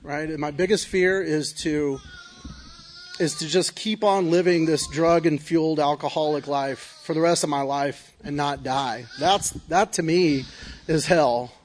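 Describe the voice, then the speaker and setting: A man's voice: on the high side, measured pace, a little hiss or hum. Earnest man sharing his testimony. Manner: earnest, confessional, keeps asking "right?". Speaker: recovery speaker. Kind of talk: personal testimony talk.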